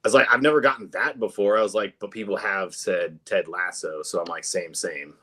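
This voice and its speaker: A man co-hosts a relaxed chat show about comic books, easygoing and a bit profane. His voice sits somewhat low. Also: fairly quick, husky. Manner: laid-back, sprinkles in swearing. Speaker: co-host. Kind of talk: casual chat.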